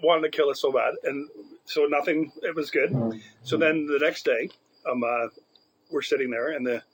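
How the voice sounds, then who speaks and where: A man's voice: fairly high pitch, normal speed, husky, rough recording. A man co-hosting a casual podcast, telling a long story in a rambling way and laughing often. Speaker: podcast co-host.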